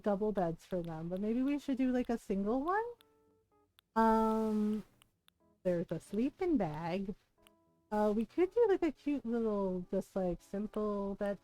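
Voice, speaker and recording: A woman's voice: mid-range voice, warm tone, no echo. A woman streaming a video game, chatting casually and rambling with lots of fillers and giggles. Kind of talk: casual gameplay chat.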